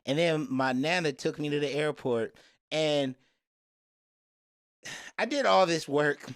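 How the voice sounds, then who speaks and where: A man co-hosting a podcast, telling stories in a rambling, animated casual chat. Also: fairly high pitch, takes it slowly, clear, resonant tone. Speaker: podcast co-host.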